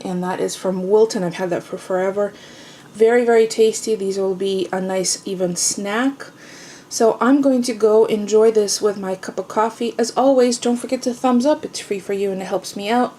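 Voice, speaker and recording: A woman's voice: mid-range voice, dark tone, a little hiss or hum. Chatty woman baking on camera. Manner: chatty, self-teasing, talks while tasting. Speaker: home cooking vlogger. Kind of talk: casual cooking demonstration. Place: home kitchen.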